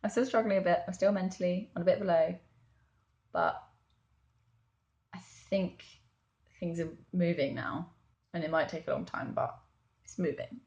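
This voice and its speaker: Low-voiced young woman with a gravelly edge. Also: moderate pace, pauses often, darkish tone, highs cut off. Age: young adult. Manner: chatty and candid, laughing and fillers, "like" and "um". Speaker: vlogger, language assistant abroad. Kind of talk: casual video diary.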